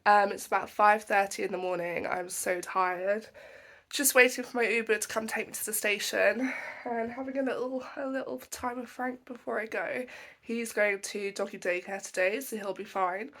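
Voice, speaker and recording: A woman with a croaky voice from a cold, chatting casually to the camera on her phone with frequent ums. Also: medium pitch, fairly even intonation, moderate pace, a bit bright. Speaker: travel vlogger. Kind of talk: casual vlog chat. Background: background music.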